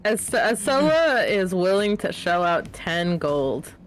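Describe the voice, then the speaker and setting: A woman's voice: fairly low pitch, very animated. A woman playing in a tabletop game, reacting with frequent laughs and chatting casually in character decisions. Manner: giggly, drawn-out reactions. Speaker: player. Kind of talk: tabletop role-play chat.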